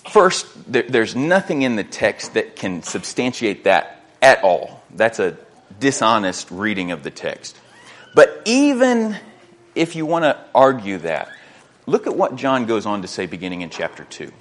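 A man's voice: medium pitch, sing-song, normal speed. An earnest male pastor preaching a sermon in a mid-range voice. He reads scripture aloud and circles back on his words, restarting phrases as he explains the text.

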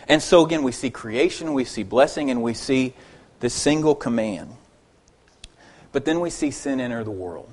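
A man preaching a sermon as a pastor. He repeats words as he restarts phrases, and he reads scripture aloud in a steadier, lower voice.

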